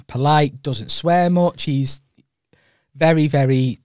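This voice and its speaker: A man's voice: fairly high pitch, takes it slowly, darkish tone, smooth, dry recording, studio quality. A young Welsh man co-hosting a podcast, telling rambling stories in a casual chat and laughing often. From Wales. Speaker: podcast co-host.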